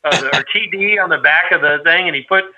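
A man's voice: a little high, fast, lo-fi sound, background noise. Man telling a meandering story. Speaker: storyteller reminiscing with a friend. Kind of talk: casual chat.

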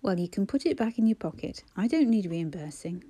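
A woman's voice: medium pitch, lively intonation, a little fast, warm tone, slightly rough. A woman voicing a polite, wry young mother.

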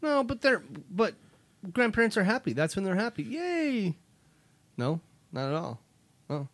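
A man's voice: high-pitched, sing-song, unhurried, fairly bright tone, no echo. An older man with grandkids, co-hosting a podcast in casual chat and acting out family phone calls in voices. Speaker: podcast co-host.

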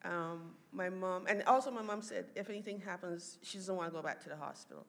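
Woman, chatty storytelling, lots of laughs, jumps up high when she quotes people. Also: a little fast. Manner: animated, laughs often, quotes others in raised voice. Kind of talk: casual family storytelling.

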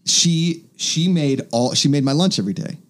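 A man's voice: on the high side, expressive, normal speed. A man co-hosting a comedy podcast, chatting casually and acting out the people in his stories. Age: young adult. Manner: storytelling, acts out voices of people in his stories. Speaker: podcast co-host.

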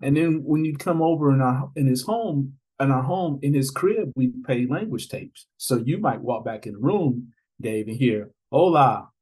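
A man's voice: mid-range voice, moderate pace, hardly any pauses, slightly rough, rough recording. A man guesting on a podcast, telling stories with animation, laughing often and acting out what other people said. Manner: animated, laughs often, acts out quoted voices. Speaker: podcast guest, author and father. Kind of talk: conversational storytelling.

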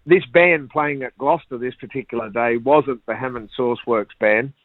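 An older Australian man, a former cricketer, telling lively anecdotes and laughing at his own stories. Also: medium pitch, normal speed, no room sound. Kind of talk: anecdotal storytelling. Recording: tinny phone-like line, dry.

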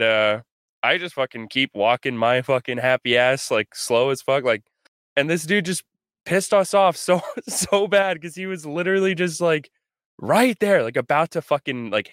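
A man's voice: medium pitch, a bit bright, clear, resonant tone, dry recording, clean studio sound. A young man co-hosting a podcast, telling a rambling, profane story in casual chat. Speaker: podcast co-host.

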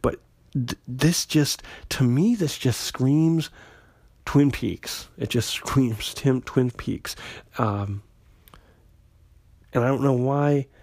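A man's voice: mid-range voice, slow pace, pauses often, a little mellow, no room sound. Chatty man recapping a comic. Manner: conversational, lots of fillers and restarts, paraphrases characters loosely. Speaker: comic book podcast host.

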